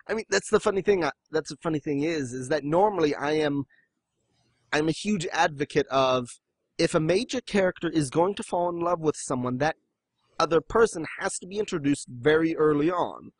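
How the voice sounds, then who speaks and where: With a fairly high pitch and a moderate pace, a podcast host keeps things casual, joking around and occasionally voicing quoted lines as other people. The recording has no echo.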